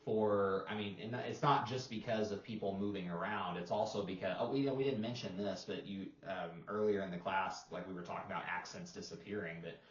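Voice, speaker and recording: A man co-hosting a casual roundtable talk as an English teacher, rambling and relaxed with lots of fillers. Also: low voice, brisk, hardly any pauses, reverberant, dull audio. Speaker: English teacher and podcast co-host.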